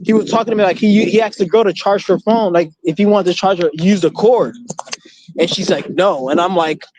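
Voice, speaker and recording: A man's voice: high-pitched, brisk, darkish tone, rough recording. A man vlogging in casual chat, rambling and swearing a lot and often restarting his sentences.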